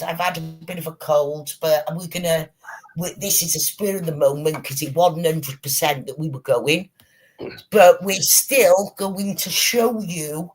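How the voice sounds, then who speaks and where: Husky man, swearing storyteller. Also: a little high. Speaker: streamer host. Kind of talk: casual livestream chat.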